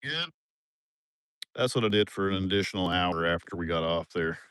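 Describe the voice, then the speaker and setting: A fairly low-voiced man with a drawl, chatting into his phone outdoors on a farm. He rambles along in a folksy, easygoing way and now and then breaks into loud, excited bursts. The sound is close and dry. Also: normal speed, smooth, no echo. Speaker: livestream host. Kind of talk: casual rambling livestream chat.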